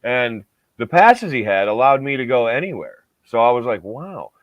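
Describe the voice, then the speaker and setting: A man's voice: mid-range voice, big pitch swings, moderate pace, no room sound. A man hosting a casual podcast, telling a long rambling story and swearing freely. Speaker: podcast host. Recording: dull lo-fi dry recording.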